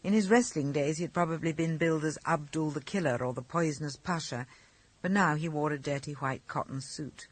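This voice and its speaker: Male audiobook narrator, expressive, fairly high voice, dry close sound. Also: a little fast, no echo. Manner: lively expressive reading. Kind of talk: scripted narration.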